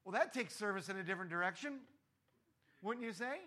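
A man preaching a sermon in a conversational, animated way, often checking in with the congregation. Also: sits high, a little fast. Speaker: pastor.

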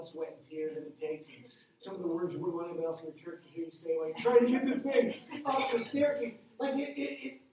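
A middle-aged man, a pastor, preaching a sermon with a lively personal story, his voice climbing when he gets excited. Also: recorded from a distance, slight background noise. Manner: animated storytelling, jumps higher when excited. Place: church hall. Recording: echoey hall, heard from afar.

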